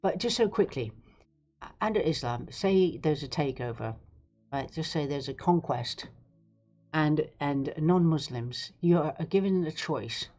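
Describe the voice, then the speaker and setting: Low-voiced sarcastic woman streaming. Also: animated, unhurried, a little mellow, dull audio, faint music behind. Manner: rambling, sarcastic, digressive. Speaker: livestream host. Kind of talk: casual live-stream commentary.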